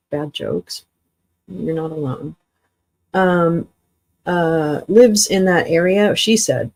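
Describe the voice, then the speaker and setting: A woman's voice: fairly low pitch, fairly even intonation, a little slow, a little mellow. A tired woman hosting a livestream, chatting with viewers in a rambling way, swearing and laughing often. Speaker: livestream host. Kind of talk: casual livestream chat with viewers.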